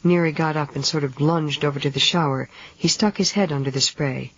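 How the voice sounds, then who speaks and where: A narrator reads a novel in a steady, measured way at a middling pitch. The recording is dull and lo-fi, like an old 1970s audiobook tape.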